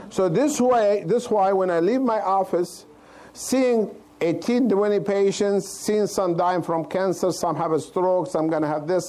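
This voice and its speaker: A cardiologist gives an informal health lecture to a live audience, speaking plainly with loose grammar and checking in with listeners as he goes. His voice is high-pitched and a little mellow, and the recording is rough.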